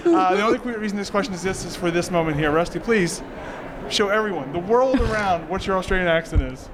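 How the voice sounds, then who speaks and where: A man's voice: sits high, expressive, fast talker, background noise. A man hosting a casual panel chat in a playful, teasing, theatrical manner. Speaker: host.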